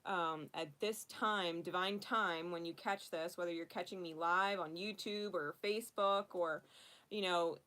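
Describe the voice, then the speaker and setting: A woman with a slightly low voice runs a casual livestream card reading. She chats loosely with her viewers and laughs easily, then slips into soft, prayerful invocations. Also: steady tone, measured pace. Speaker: spiritual card reader.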